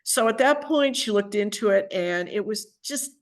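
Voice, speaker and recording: An older woman, an author, telling a personal story at home in a lively, chatty way and acting out what people said. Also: medium pitch, normal speed. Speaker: author and guest speaker. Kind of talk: conversational storytelling talk.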